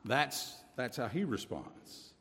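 A man's voice: mid-range voice, animated, takes it slowly, a bit bright. A male pastor giving a sermon, conversational and earnest, often asking rhetorical questions of the congregation. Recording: long reverb of a large hall.

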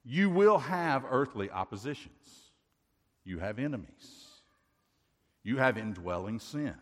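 A man preaching a sermon as pastor, emphatic, with repeated rhetorical questions. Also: mid-range voice. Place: church sanctuary. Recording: reverberant hall.

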